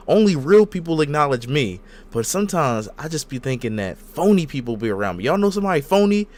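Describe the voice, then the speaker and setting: Animated man acting out a wrestling recap. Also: mid-range voice, quick pace, few pauses. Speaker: podcast co-host. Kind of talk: casual wrestling recap chat.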